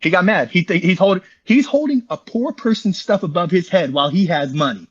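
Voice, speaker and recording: A man with a husky voice, pitched a touch high, rushes through a rambling, slangy story as an interview guest. His casual talk is full of bro, and the recording is dull and lo-fi. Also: lively intonation. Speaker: interview guest, online community founder.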